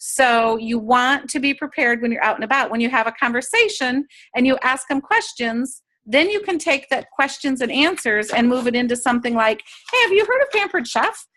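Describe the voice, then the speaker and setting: Woman, upbeat sales coach on a video call, high and bright voice. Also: normal speed, few pauses. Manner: upbeat, coaching, acts out sample chats. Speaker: sales trainer. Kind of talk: training talk to direct sellers.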